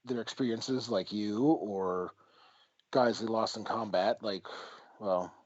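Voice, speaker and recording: A man's voice: lowish voice, steady tone, takes it slowly, darkish tone, no room sound. A man hosting a podcast in casual chat, talking bluntly with plenty of swearing and rambling asides. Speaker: podcast host. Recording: dull lo-fi audio.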